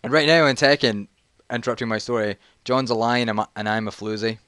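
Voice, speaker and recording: A man's voice: medium pitch, fast talker, fairly bright tone, smooth, no room sound. A man, telling a jokey, rambling story in a casual vlog while playing a video game and getting sidetracked. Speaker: vlogger.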